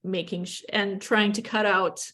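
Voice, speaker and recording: A woman radio journalist with an upper Midwestern accent, answering interview questions in a chatty, animated way with quick bursts and self-corrections. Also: medium pitch. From upper Midwest of the United States.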